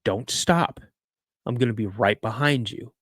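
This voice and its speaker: A stern father barks short commands in an even, mid-pitched voice, as a man puts him on. The sound is dry and close. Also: a little slow, no room sound. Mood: urgent. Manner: curt commands. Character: stern father on a hunt, firm and urgent.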